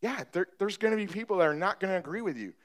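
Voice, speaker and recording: A man preaching a sermon as pastor, talking conversationally with humor and building to emphatic, animated preaching. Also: sits high, racing. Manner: conversational with self-deprecating humor.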